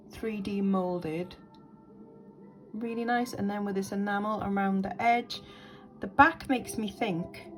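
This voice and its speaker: A woman, chatting enthusiastically as she shows vintage jewellery in a casual vlog, thinking aloud with lots of ums. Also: mid-range voice. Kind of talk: casual show-and-tell vlog.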